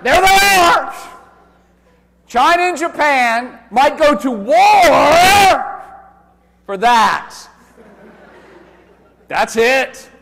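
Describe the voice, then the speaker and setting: A university lecturer giving a live classroom lecture, loud and animated, joking with students and swearing casually. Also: male voice, very high-pitched, vocal fry. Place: large lecture hall. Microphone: handheld microphone. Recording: reverberant lecture hall.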